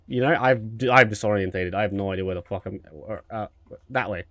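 A man's voice: fairly low pitch, brisk, fairly bright tone, no echo, clean studio sound. A man streaming a video game with casual commentary, joking, cocky and swearing.

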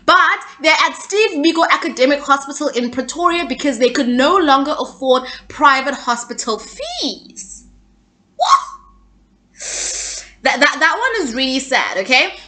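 Girl doing gossip commentary, high bright voice, sassy, keeps saying okay?. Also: expressive, moderate pace. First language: not English. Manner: opinionated, sassy, asks "okay?" often. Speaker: gossip news vlogger. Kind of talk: casual celebrity gossip commentary.

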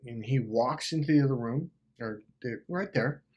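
A man's voice: mid-range voice, moderate pace, muffled recording. A man hosting a self-help video, telling a personal story in a casual, rambling way with swearing and lots of fillers. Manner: animated, profane, rambling with many fillers.

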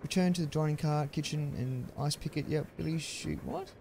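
A young man chatting through a live-streamed game, excitable and prone to yelling thanks at viewers. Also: on the high side, brisk, creaky, a little hiss or hum. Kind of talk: live-stream gameplay commentary.

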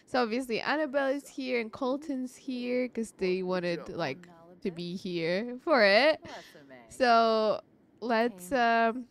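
A woman's voice: a little high, very animated, slow pace. A woman giving casual, chatty gameplay commentary, gushing and giggling as she goes. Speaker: let's play creator.

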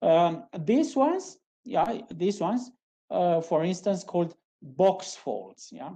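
A woman delivers a university lecture in a low, mellow voice at an unhurried pace. She halts and restarts often, tags her phrases with a questioning "yeah?" and repeats each key term. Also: very animated. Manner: halting, with frequent restarts and fillers. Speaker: geology lecturer.

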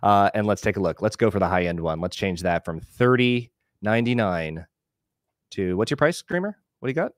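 Low-voiced man teaching a live web tutorial. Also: brisk, dry recording, studio quality. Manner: relaxed, explanatory, thinks aloud while clicking through. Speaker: webinar instructor. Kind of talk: live screen-share tutorial.

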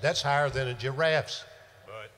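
A man's voice: medium pitch, moderate pace, big-room sound. An older man, a country singer chatting and telling stories between songs in a folksy, laid-back way. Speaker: country singer hosting a live show. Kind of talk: casual stage banter and storytelling. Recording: loud live band backing.

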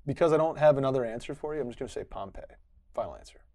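A man competing in an office quiz, rambling as he reasons out loud in casual chat. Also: mid-range voice, expressive, very fast, no room sound. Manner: rambling, thinking aloud. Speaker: quiz contestant.

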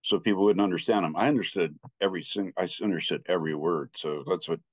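An older man in his sixties telling his personal story as a Buddhist teacher. His voice sits low, and he talks haltingly, often restarting his sentences. The recording sounds dry and a little muffled. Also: dry recording. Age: 60s. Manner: halting, with frequent restarts and filler.

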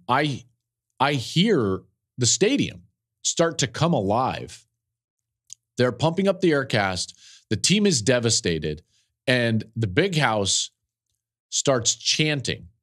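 A male podcast host telling a personal story in an earnest, openly emotional way. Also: mid-range voice. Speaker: podcast host, football analyst.

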